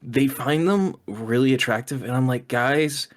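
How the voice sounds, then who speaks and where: A young man in casual podcast chat with a middle-pitched voice. He laughs often and curses offhandedly as he talks. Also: a little slow. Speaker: podcast co-host.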